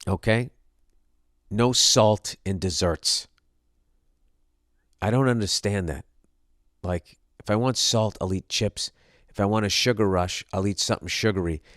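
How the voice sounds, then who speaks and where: A man's voice: on the low side, unhurried, pauses often, fairly bright tone, dry recording, clean studio sound. Profane exasperated man ranting. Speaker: podcast host. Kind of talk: comedic monologue rant.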